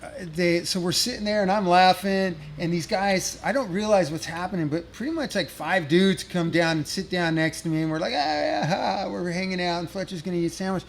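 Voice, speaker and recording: A man's voice: high-pitched, steady tone, a little fast, few pauses, slight background noise. A middle-aged man telling a rambling, profane touring story as a guest musician, laughing at his own tale. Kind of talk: casual storytelling.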